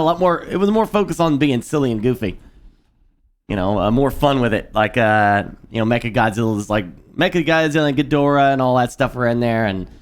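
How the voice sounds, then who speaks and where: A man streaming a video game, chatting casually in a rambling, animated way. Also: mid-range voice. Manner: rambling and animated, lots of fillers and restarts. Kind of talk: casual chat while playing a video game.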